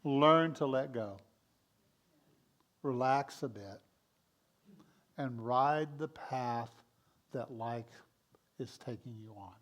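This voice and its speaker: A male minister delivering a sermon at an unhurried, measured pace. His voice sits at an ordinary pitch and his manner is gentle and encouraging. He speaks in a church sanctuary.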